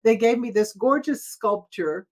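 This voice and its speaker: An older woman, a former opera singer, telling stories as a guest in a casual interview, expressive and quick to laugh. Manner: expressive, laughs often, dramatic shifts in pitch and loudness.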